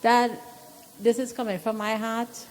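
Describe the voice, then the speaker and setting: A woman giving a heartfelt birthday speech to her father at a temple gathering, halting and emotional at times. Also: a little high, flat delivery, long reverb tail, slight background noise. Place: temple hall.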